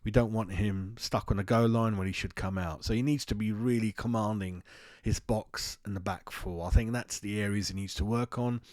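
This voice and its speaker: A man's voice: fairly low pitch, fairly even intonation, moderate pace, a little mellow, dry recording. A man from West London with a London accent, hosting a football fan channel in a casual, rambling, blunt monologue. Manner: rambling, blunt, self-mocking.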